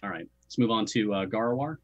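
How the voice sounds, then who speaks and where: Man, game master, husky, slightly breathy, casual loose narration, tabletop game. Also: on the low side, a little fast, muffled recording. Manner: casual, laughing, filler-heavy description.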